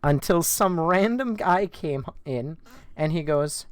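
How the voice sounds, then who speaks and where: A man's voice: on the high side, moderate pace, smooth, no echo, clean studio sound. A young man streaming a game, telling a rambling story in casual chat, self-mocking, swearing and laughing between lines.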